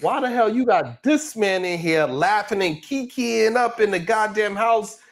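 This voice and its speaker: A man's voice: high-pitched, lively intonation, measured pace, pitched above the performer's own voice. Man doing a cussing, ranting male streamer. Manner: profane, ranting. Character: furious adult male streamer ranting about loyalty.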